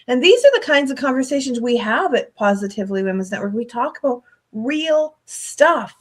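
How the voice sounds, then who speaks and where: A woman's voice: on the high side, animated, moderate pace. A middle-aged woman co-host, talking candidly and emotionally in a casual chat.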